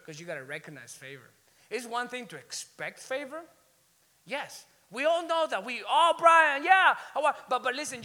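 A male pastor preaching an energetic sermon to a college crowd, telling stories with rising excitement and bursts of shouting. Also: high-pitched. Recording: long hall reverb.

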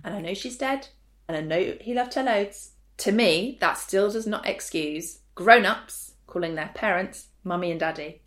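A woman's voice: medium pitch, moderate pace, a bit bright. A woman in her thirties, co-hosting a casual podcast chat in a frank, opinionated way with dry humor. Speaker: podcast co-host.

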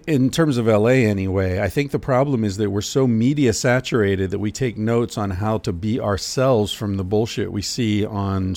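A man's voice: on the low side, creaky, a little mellow, no room sound. A middle-aged man hosting a podcast, delivering a casual monologue full of sardonic, profane jokes. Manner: sardonic, profane, jokey rants. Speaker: podcast host. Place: lives in Portland.

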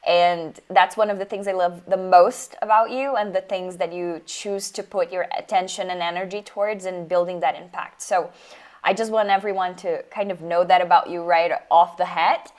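A woman's voice: lowish voice, steady tone, moderate pace. A woman hosting a podcast interview, chatting in a friendly, effusive way and heaping praise on her guest. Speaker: podcast host.

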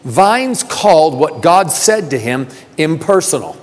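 A man preaching a sermon, asking rhetorical questions and repeating phrases, building from soft talk to emphatic calls. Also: a little high, sing-song, measured pace. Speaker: pastor. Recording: long reverb of a large hall.

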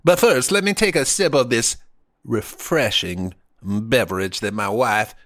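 Man putting on a stammering Southern gentleman. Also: mid-range voice, a little slow, no echo, clean studio sound, natural voice. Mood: pompous. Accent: put-on Southern US drawl. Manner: flowery, stammering, overly formal. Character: pompous old-time Southern gentleman, male, middle-aged. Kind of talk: improvised comedy bit.

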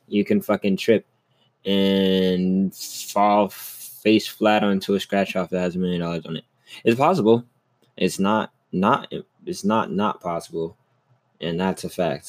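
A man's voice: low-pitched, darkish tone. A young man hosting a solo podcast, rambling in a casual, upbeat way and swearing a lot. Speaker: podcast host.

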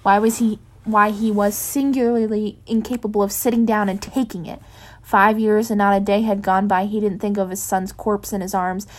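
A woman's voice: medium pitch, flat delivery, moderate pace, hardly any pauses. Woman reading a story, unpolished. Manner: unpolished, corrects her own slips. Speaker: reader. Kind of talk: reading fan fiction aloud.

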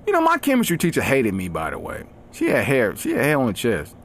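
A man hosting a comedy podcast, telling stories in an animated, slangy, mock-aggressive rant. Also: mid-range voice, fast talker, hardly any pauses, slight background noise. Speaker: podcast host.

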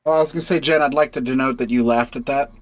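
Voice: medium pitch, fairly even intonation, racing, a little hiss or hum. A player in a tabletop game who teases the others in casual chat. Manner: joking, teasing.

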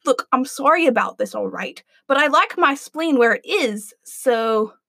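A woman's voice: sits high, animated, unhurried, creaky, pushed and bright, dry recording, full character voice. Woman doing a stuttering, timid huntsman. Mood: awkward. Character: scrawny nervous male huntsman.

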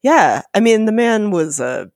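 A woman's voice: mid-range voice, sing-song, unhurried, a little mellow, no room sound, studio quality. A woman co-hosting a podcast, summarizing and discussing a story with wry jokes. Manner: wry, joking asides. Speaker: podcast co-host. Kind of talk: casual literary discussion.

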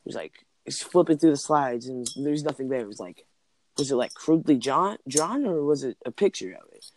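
A man's voice: mid-range voice, expressive, brisk, slight background noise. A man in casual chat, rambling through school stories with lots of "like" and "um". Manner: rambling, heavy use of "like" and "um".

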